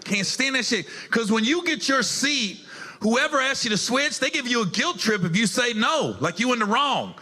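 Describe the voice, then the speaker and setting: A man's voice: very high-pitched, expressive, normal speed, bright, forceful tone. A male stand-up comedian telling stories in a casual, profane, conversational way on a club stage. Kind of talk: stand-up storytelling.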